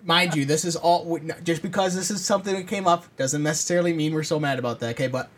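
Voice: medium pitch, fast. Podcast co-host, profane comic rant, casual chat, home voice-chat setup.

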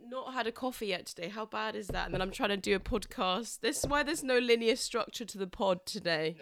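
A woman's voice: mid-range voice, fairly quick, fairly bright tone, dry recording, studio quality. A woman with an English accent, hosting a podcast and chatting in a self-deprecating, giggly way. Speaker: podcast host, comedian. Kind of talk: casual podcast chat.

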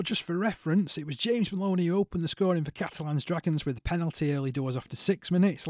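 Higher-pitched chatty male podcast host. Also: darkish tone, dry recording, studio quality. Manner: chatty, asks for agreement with tag questions. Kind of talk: casual sports chat.

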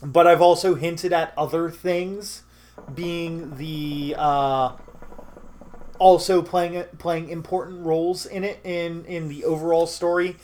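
A man's voice: fairly high pitch, steady tone, slow pace, darkish tone. A young man, a tabletop game master, answering interview questions in a casual chat, rambling with fillers and restarts.

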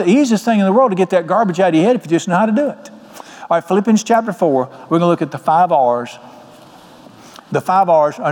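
An older man serves as pastor, delivering a folksy sermon full of jokes. His voice is high-pitched and slightly mellow, and the recording carries a long hall reverb.

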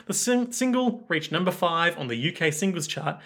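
A man co-hosting a loose, joking podcast, reading facts aloud and breaking off with sweary asides. His voice is bright and sits a little high. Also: animated, moderate pace. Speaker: podcast co-host. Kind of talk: casual comedic chat.

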